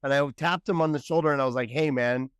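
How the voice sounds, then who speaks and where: Man, comedian, podcast co-host, animated storyteller, smooth clear voice, dry close sound. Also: fairly high pitch, fast talker, no echo. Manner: animated, laughing, acts out dialogue. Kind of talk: casual storytelling chat.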